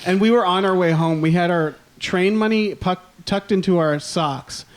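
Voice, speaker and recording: A man's voice: high voice, normal speed. A man in his thirties telling rambling, self-mocking stories in a casual chat, laughing often. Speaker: podcast guest.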